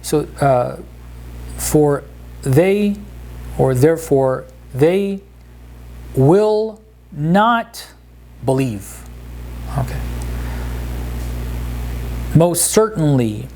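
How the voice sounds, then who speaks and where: A man teaching a relaxed lesson on Quranic Arabic grammar, explaining word by word with frequent pauses and restarts. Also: a little high. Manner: explanatory, hesitant, many fillers and restarts.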